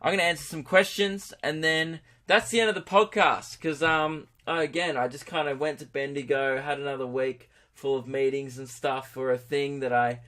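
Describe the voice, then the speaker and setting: A man's voice: on the high side, fairly even intonation, normal speed, hardly any pauses, sharp tone. A young Australian man hosting his own podcast, rambling and crude, poking fun at himself. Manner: rambling, crude, self-mocking. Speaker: podcast host. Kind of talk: casual podcast monologue.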